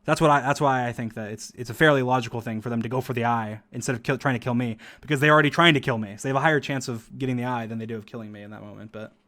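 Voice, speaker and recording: A man's voice: mid-range voice, fairly even intonation, racing, few pauses, fairly bright tone. A young man streaming, casually talking through his own gameplay with rambling restarts and frequent chuckles. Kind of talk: casual gaming commentary.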